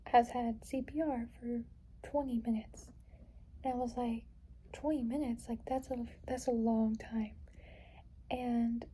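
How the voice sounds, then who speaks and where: A woman's voice: on the high side, warm tone, a little hiss or hum, poor audio. A young woman in a casual personal vlog, talking in a rambling way with lots of "like" and "you know", trying to hold back tears. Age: young adult. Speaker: vlogger.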